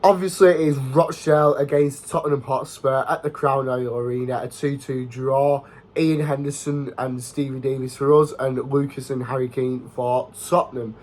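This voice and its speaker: Flat-voiced young football vlogger. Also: male voice, mid-range voice. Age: young adult. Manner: chatty, rambling, leans on fillers like "you know" and "obviously". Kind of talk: casual talking-head vlog.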